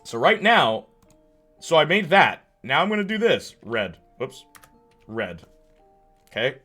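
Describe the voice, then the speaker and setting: A man streaming a game, chatting casually and answering his chat out loud. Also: a little high, sing-song, slow pace. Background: faint music.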